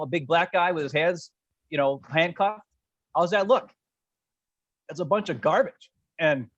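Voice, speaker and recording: A man's voice: a little high, a bit bright, no echo, muffled recording. A man co-hosting a casual podcast chat, passionate and easily fired up. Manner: fired-up, passionate, talks fast. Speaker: podcast co-host.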